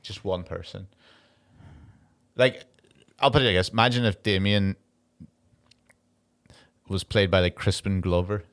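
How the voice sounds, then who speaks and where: A man, co-hosting a casual podcast chat, animated and laughing often. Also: low voice. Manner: animated, laughing, quick impressions. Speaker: podcast co-host.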